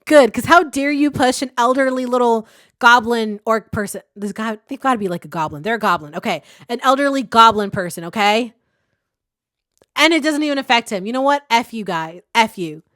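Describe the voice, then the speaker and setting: Excitable young woman reacting to comics. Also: a little high, a little fast, no echo, studio quality. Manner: excitable, yells and swears at the story, then explains calmly. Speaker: webcomic reaction host. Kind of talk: casual reaction commentary.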